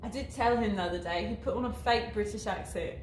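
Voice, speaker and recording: A woman's voice: medium pitch, fast talker. A woman co-hosting a party game in casual chat, giggly and a little nervous. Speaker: co-host playing a party game. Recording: roomy room with faint noise.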